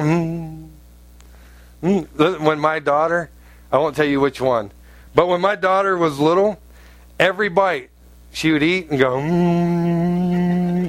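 A pastor preaching a conversational sermon, telling stories and rising to emphatic outbursts. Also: male voice, fairly high pitch, a bit bright, dry recording.

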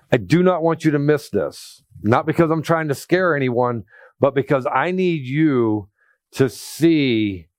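A young adult man preaching a sermon in a chatty, animated way, acting out scripture as he goes. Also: mid-range voice, no echo, studio quality. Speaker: pastor.

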